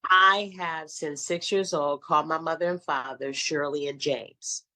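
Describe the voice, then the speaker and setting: A middle-aged woman with a somewhat low voice tells stories as an interview guest. She is animated and slips into other people's voices as she recounts scenes. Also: a little slow. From San Francisco, California. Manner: animated storyteller, acts out quotes. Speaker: guest, casting director and acting coach. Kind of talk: casual interview storytelling.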